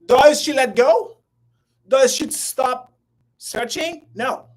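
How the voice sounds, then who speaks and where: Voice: high voice, poor audio. An English teacher giving a live online grammar lesson, repeating phrases and calling out to viewers by name. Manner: repetitive, drawn-out, talks to viewers by name.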